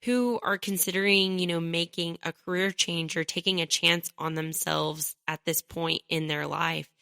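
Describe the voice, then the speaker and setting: A woman host with a lowish, bright, crisp voice asks her guest questions in relaxed interview talk. The sound is dry and close, with no room around it. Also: normal speed, no room sound. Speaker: podcast host. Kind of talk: casual interview.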